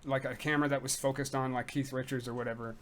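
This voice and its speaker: A man's voice: medium pitch, flat delivery, rapid-fire, fairly bright tone, slight background noise. A man hosting a casual podcast chat, laid-back, mostly giving short agreeing replies. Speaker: podcast host.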